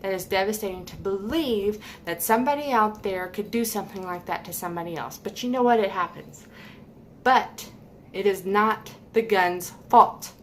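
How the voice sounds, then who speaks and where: Lady ranting hard at the camera, pushy and emphatic, average pitch, little bit of hiss behind her. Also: normal speed. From United States. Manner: heated, emphatic, repeats points for stress. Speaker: vlogger. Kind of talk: opinion rant to camera.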